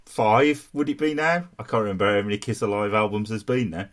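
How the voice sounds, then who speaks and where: A man's voice: fairly low pitch, brisk. A man with a Black Country accent hosting a podcast over a video call, chatting casually and laughing often. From England. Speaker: podcast host. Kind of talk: casual chat.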